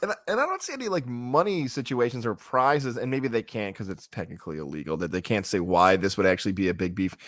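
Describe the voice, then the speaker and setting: A man's voice: fairly low pitch, expressive, quick pace, hardly any pauses, fairly bright tone, no room sound. A man co-hosting a sports radio show in casual chat, tossing in wry quips while he lays out a story.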